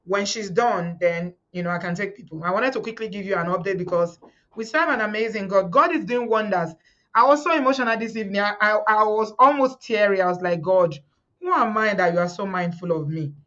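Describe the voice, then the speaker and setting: Speaking briskly in a medium-pitched, fairly bright voice, a middle-aged Nigerian woman addresses viewers of her live community stream. She talks fervently, repeats words and quotes those she discusses. The recording is lo-fi.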